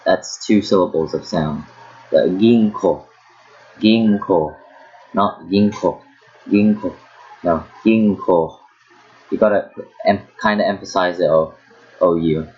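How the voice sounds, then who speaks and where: A man's voice: low voice, steady tone, moderate pace, darkish tone. A man giving a casual online lesson, often stopping and repeating words as he demonstrates pronunciation, with a hair dryer running in the background. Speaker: language teacher. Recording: dull lo-fi sound with hair dryer noise behind. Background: hair dryer noise.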